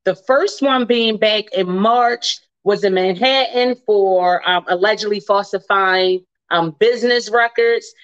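A woman's voice: mid-range voice, unhurried, few pauses, smooth, no echo. Chatty woman hosting a radio talk show. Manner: chatty, emphatic, laughs often, repeats phrases. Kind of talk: casual talk radio monologue. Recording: dull, dry radio audio.

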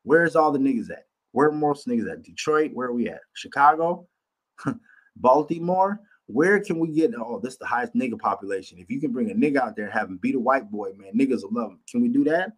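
A man's voice: mid-range voice, expressive, brisk. A man hosting a podcast, ranting casually with lots of profanity and emphatic repetition. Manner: profane, emphatic, repeats himself. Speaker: podcast host.

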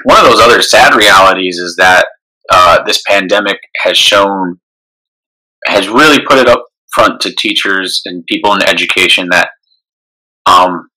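A man's voice: deep voice, pushed and bright, poor audio. A man co-hosting a podcast, talking casually and thoughtfully, often stopping and restarting his sentences. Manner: thoughtful, halting, many restarts. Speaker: podcast co-host. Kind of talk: casual conversation.

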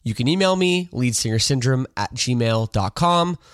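Congested middle-aged male podcast host, lively pitch, dry studio mic, loose and chatty. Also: normal speed, clean tone, no room sound. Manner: loose and chatty, swears casually, repeats words. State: congested, nasal from a sinus infection. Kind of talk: casual podcast intro. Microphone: studio microphone.

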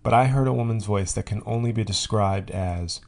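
A man's voice: fairly low pitch, moderate pace, creaky, darkish tone. A man hosting a podcast, telling a rambling comic monologue full of tangents, fillers and restarts. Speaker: podcast host. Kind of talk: comedic monologue.

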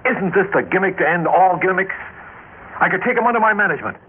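An actor playing a brash, scheming male TV manager in an old radio drama, talking fast and eagerly. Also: sits high, natural voice. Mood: excited. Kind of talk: 1950s radio drama acting. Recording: tinny old radio broadcast, faint hiss.

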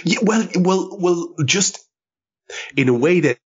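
A man's voice: sits high, animated, slow, husky. A man hosting a podcast in casual chat, rambling with lots of fillers and swearing. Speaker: podcast host. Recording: dull lo-fi podcast audio.

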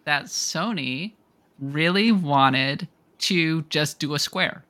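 A podcast co-host in a casual chat, giving wry, measured opinions. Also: mid-range voice, bright, forceful tone.

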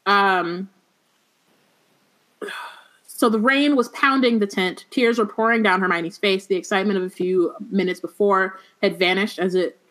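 A woman reading a novel aloud and breaking off to chat about it with friends, slangy and relaxed. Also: medium pitch, a little slow. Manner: reads passages then riffs with slang. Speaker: podcast host reading a book aloud.

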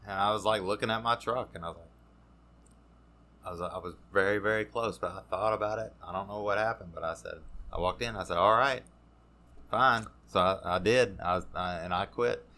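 Low, bright-voiced man telling his story. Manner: halting, many fillers and restarts. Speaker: podcast guest sharing recovery story. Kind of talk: casual conversational storytelling.

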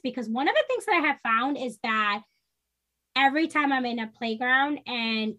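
A woman from New York state talks as a guest in a casual podcast interview. Her voice sits a little high, and she speaks earnestly and with energy. Now and then she acts out the voices of people she quotes. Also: lively intonation, normal speed, sharp tone. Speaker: podcast guest, social worker.

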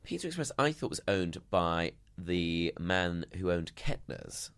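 A woman with an unusually low voice chats casually, her pitch swinging widely as she reacts. The sound is dry and close. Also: clear, resonant tone, no room sound. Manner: expressive, quick reactions, playful asides. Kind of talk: casual chat.

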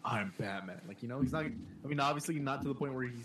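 A man's voice: medium pitch, level tone, racing. A man co-hosting a casual podcast over a call, rambling with fillers and laughing between remarks. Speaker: podcast co-host. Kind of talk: casual chat. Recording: distant mic with clear keyboard noise.

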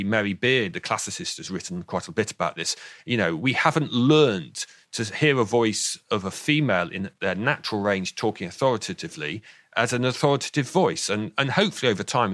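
A man with a southern English accent talks as a radio interview guest, keen to explain and often stumbling over the first words of a sentence. His voice sits fairly low and is recorded close and dry, with no room sound. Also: a bit bright, no echo. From southern England. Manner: enthusiastic, explanatory, repeats words when starting sentences, laughs now and then. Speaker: expert guest on voice and speech. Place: radio studio.

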